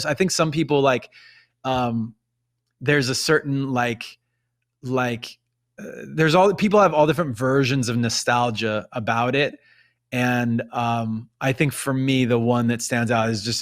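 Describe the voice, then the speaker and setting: A man's voice: medium pitch, a bit bright. A man in his forties, a musician guest, chatting casually in an interview and rambling with many restarts.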